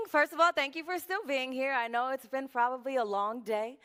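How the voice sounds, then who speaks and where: A woman giving a chatty, lively conference talk from a stage. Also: sits high, fairly quick, hardly any pauses, clear, resonant tone. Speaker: conference speaker. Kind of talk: conference presentation.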